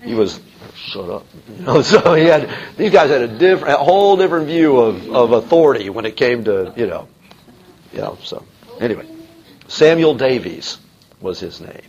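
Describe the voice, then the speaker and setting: A man's voice: medium pitch, expressive, normal speed, darkish tone. A man teaching a Bible lecture in a conversational way, with many fillers and restarts. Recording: dull lo-fi recording.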